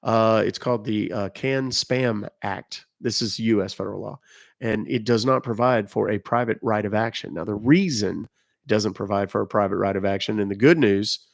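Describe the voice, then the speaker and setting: A man's voice: on the low side, normal speed, creaky. A man hosting a live stream, chatting casually with viewers, reading out their comments and explaining phone and email rules. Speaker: livestream host.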